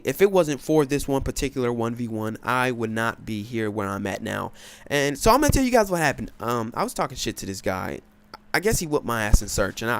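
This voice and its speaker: Swaggering gaming commentator, lively voice. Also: male voice, medium pitch. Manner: boastful, swaggering; profane, laughing storyteller. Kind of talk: casual gameplay commentary.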